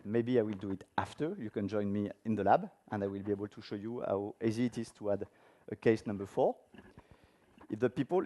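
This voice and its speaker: A man's voice: fairly low pitch, a little fast, warm tone. A man giving a technical conference talk with a live demo, speaking informally and asking the audience questions. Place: conference room before an audience.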